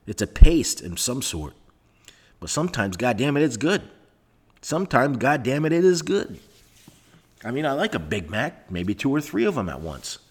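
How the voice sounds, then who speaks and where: A man's voice: mid-range voice, sing-song, normal speed, husky. A man hosting a podcast alone, talking in a rambling, sarcastic way with swearing, recorded on a microphone into a laptop in a soundproofed room. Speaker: podcast host. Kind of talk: rambling solo podcast monologue.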